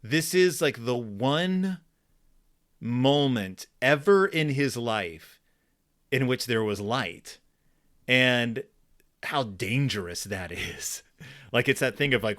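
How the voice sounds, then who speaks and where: A man's voice: mid-range voice, lively intonation, takes it slowly, pauses often, a bit bright. A man co-hosting a casual book discussion podcast, thinking aloud with plenty of fillers and restarts. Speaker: podcast co-host.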